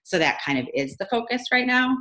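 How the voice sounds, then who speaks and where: A woman's voice: a little high, big pitch swings, brisk, pushed and bright, rough recording. A woman on a team call asking a long, rambling question, hesitant with many fillers. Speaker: team member.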